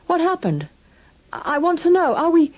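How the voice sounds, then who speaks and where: A woman reading an audiobook, voicing a frightened, hungry young English boy who talks quickly and anxiously. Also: medium pitch, expressive, lo-fi sound, close to an everyday voice. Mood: agitated. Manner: quick, anxious, breathless questioning.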